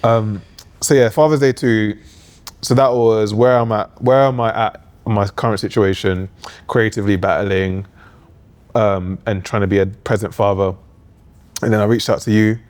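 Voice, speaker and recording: A man's voice: fairly low pitch, normal speed. A young man chatting casually as a podcast co-host, rambling through stories with lots of fillers. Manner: relaxed, rambling, filler-heavy storytelling. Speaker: podcast co-host, new father. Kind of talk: casual chat.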